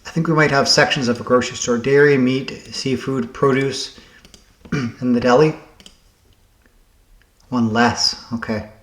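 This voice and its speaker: A man thinking aloud as he solves word puzzles, halting and correcting himself as he goes. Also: medium pitch, steady tone, echoey room. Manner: muttering, halting, self-correcting. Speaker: puzzle game vlogger.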